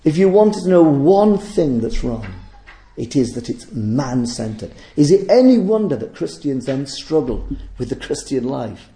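A man's voice: medium pitch, sing-song, a little slow, mellow, roomy sound. A man preaching a sermon, emphatic and full of rhetorical questions.

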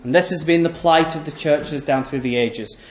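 A man preaching a sermon, emphatic and repetitive, asking rhetorical questions and letting his voice sink low and quiet at the ends of phrases. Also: normal speed, echoey room. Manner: voice often drops low and soft at the end of phrases.

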